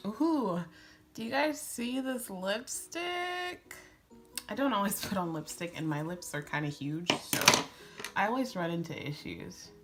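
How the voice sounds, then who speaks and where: A woman in her twenties chatting excitedly while doing a makeup tutorial, gushing and giggling as she tells a story. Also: lowish voice. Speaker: beauty vlogger.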